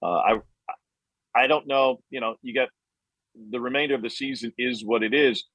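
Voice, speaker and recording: A man on sports radio giving measured, hedging analysis of a quarterback's game. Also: mid-range voice, fairly even intonation, a bit bright, husky, no echo, low-quality recording.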